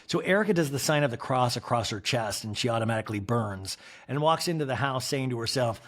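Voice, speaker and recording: A man's voice: medium pitch, fast talker. A man hosting a podcast, recapping reality TV in a campy, theatrical way and mimicking the cast. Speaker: podcast host.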